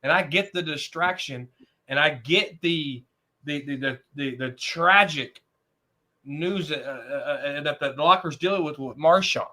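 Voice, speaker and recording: A man's voice: a little high, unhurried, bright, forceful tone. A man co-hosting a casual sports podcast, emphatic and fond of repeating words for effect. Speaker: podcast co-host.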